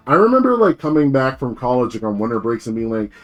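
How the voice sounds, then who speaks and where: A man's voice: mid-range voice, sing-song, fast talker, dull audio. A young man from New Jersey chatting casually on a live stream, rambling, swearing and full of slang.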